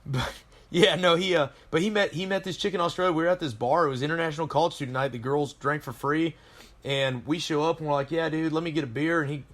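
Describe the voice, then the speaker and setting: A man's voice: fairly high pitch, fast talker, a bit bright. Rambling, profane Marine veteran man. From Colorado, USA. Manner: rambling, profane war-story telling. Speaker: podcast guest, Marine veteran. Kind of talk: casual chat.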